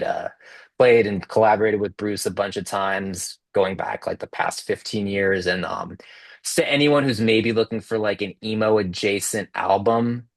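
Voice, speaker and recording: A man's voice: fairly low pitch, dry recording. Rambling man talking over a video call. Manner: rambling, heavy on filler words and restarts. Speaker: author guest.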